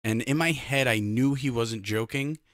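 A man hosting a podcast, emphatic and chatty, who turns to the listeners as he talks. His voice sits in a middle, low pitch and sounds dry and close, with no echo. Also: normal speed, fairly bright tone. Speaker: podcast host. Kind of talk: casual chat.

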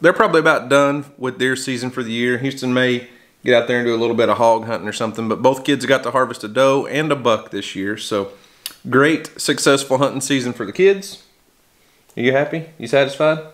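A man's voice: mid-range voice, brisk. A middle-aged man with an easygoing Oklahoman drawl talks casually at his family's dinner table. His voice sits in an ordinary middle register. A camera-top shotgun mic catches him in a plain indoor room. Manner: easygoing, folksy, chuckles at his own jokes. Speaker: homesteading vlog host. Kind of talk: casual family vlog chat. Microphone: camera-mounted shotgun mic.

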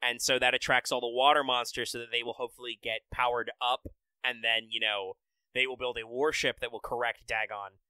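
A man's voice: medium pitch, little pitch movement, fairly quick, bright, forceful tone, smooth, dry recording, poor audio. A man hosting a casual podcast, enthusiastically breaking down game details with many fillers. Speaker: podcast host. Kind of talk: casual podcast chat about a mobile game.

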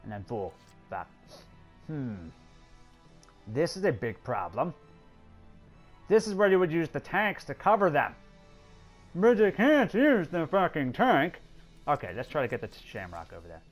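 A man narrates his own strategy game session, scolding the units and cursing at his bad luck. His voice sits a bit high and swings widely in pitch. Faint game music plays behind him. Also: big pitch swings, a little slow, pauses often. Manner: exasperated, swearing, talking to game characters. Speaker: gameplay commentator. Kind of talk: let's play commentary.

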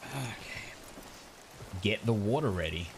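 A man's voice: lowish voice, animated, slow pace, gravelly, slight background noise. A man streaming a game, chatting casually, swearing often and laughing a lot. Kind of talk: casual gaming stream chat.

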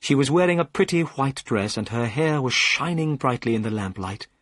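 A man narrating a simplified story for learners with clear, measured pacing. His pitch moves in a lively way and his voice has a husky edge. The sound is dry and close. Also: no echo. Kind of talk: scripted audiobook narration for learners.

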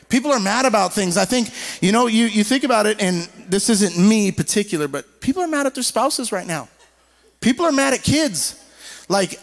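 A man preaching a sermon in an animated way, slowing down to read scripture and acting out quoted people. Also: sits high. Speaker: pastor.

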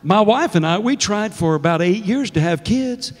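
This is a sermon from a middle-aged guest minister who laughs often and calls out exuberantly to the congregation. His high voice has lively intonation and a normal speed, and the church sanctuary lends the recording a long reverb.

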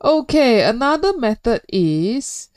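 A woman's voice: fairly high pitch, big pitch swings, slow, darkish tone, no echo. A woman teaching physics in a recorded video lesson, chatty and playful, joking and putting questions to the viewer.

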